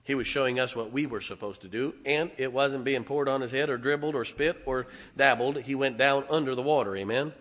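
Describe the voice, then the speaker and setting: A male pastor preaching a sermon, telling stories with emphatic, excitable delivery and calling out to his congregation. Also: mid-range voice, a little fast, few pauses. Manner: emphatic storytelling with audience call-outs.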